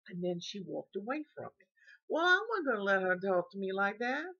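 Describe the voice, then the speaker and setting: Husky older woman telling her story. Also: mid-range voice, sing-song, normal speed, fairly bright tone, dull audio. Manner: repeats words and restarts, acts out quoted speech. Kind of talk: personal storytelling.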